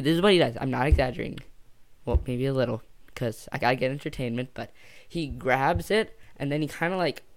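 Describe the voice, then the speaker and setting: A man's voice: on the high side, clean tone. A young man telling a casual storytime for his channel, rambling and jokey, often trailing off and circling back. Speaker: YouTuber.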